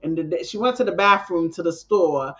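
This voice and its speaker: A woman's voice: fairly low pitch, normal speed, fairly bright tone, dull audio. Exasperated woman rambling on a live stream. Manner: rambling, exasperated, lots of restarts. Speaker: live stream host reacting. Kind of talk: live reaction chat.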